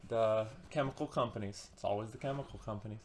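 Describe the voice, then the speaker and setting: A man's voice: fairly low pitch, quick pace, slight background noise. Sarcastic, rambling man reviewing a book. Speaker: book vlogger.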